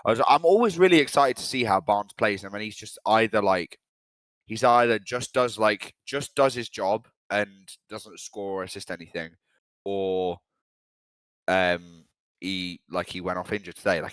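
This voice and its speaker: A man's voice: lowish voice, moderate pace, a bit bright, no room sound. A young man from England, co-hosting a casual football podcast in a blunt, rambling, sweary way. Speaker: podcast co-host.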